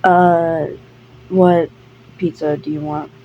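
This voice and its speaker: A woman voicing a laid-back teenage boy who is obsessed with pineapple, talking in an easygoing, mumbling way with a breathy voice. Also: deep voice, flat delivery, takes it slowly, muffled recording, a little hiss or hum, voice pushed down. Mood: friendly.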